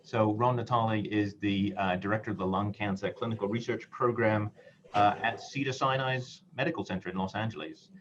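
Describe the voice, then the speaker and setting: A male oncologist moderates a medical panel, measured and pausing often. His voice is fairly low. The audio is dull and lo-fi, with faint noise underneath. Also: steady tone. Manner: measured, with frequent filler pauses.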